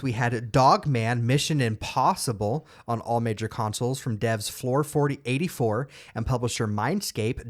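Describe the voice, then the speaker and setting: A man co-hosting a podcast, chatting casually and reading game release blurbs quickly, tripping over words now and then. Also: medium pitch. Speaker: podcast co-host.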